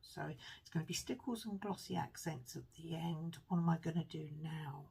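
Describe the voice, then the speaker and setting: A woman's voice: deep voice, moderate pace, vocal fry, dark tone, breathy edge, poor audio. A woman chatting through a card-making tutorial at her craft table, rambling and self-deprecating as she mutters to herself while she works.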